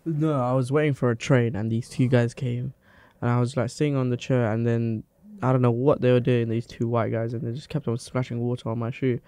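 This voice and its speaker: A young man, co-hosting a podcast and retelling a run-in in a casual, animated way. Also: medium pitch, brisk, no echo. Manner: storytelling, animated retelling with swearing. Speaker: podcast co-host. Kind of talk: casual chat. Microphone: table podcast mic, leans in.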